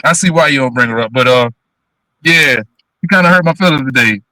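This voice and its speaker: A man co-hosting a livestream, chatting casually and telling animated stories in which he acts out the voices of the people in them. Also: mid-range voice, fairly quick, dry recording. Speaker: co-host on a livestream. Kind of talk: casual chat, animated storytelling.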